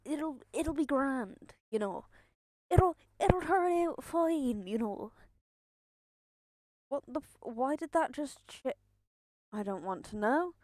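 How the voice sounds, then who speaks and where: A young woman talks to her stream in a slow, unhurried drawl, yet she sounds jittery and a little out of breath, circling back over the same words and swearing as she goes. The sound is dry and close, with no room around her. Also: sits high, dry recording. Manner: rambling, nervous, swears and repeats herself. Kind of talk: casual live-stream chat.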